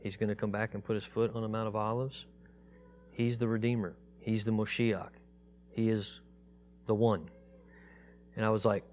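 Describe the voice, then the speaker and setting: A man's voice: on the low side, little pitch movement, a little hiss or hum. Man teaching a Bible study. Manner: reads scripture aloud in a raised, slow, emphatic voice; explains in a casual, conversational way with fillers and restarts.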